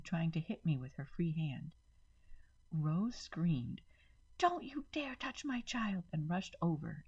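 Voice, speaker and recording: A woman storyteller with a husky voice, reading a first-person story steadily. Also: deep voice, warm tone, highs cut off. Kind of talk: scripted story narration.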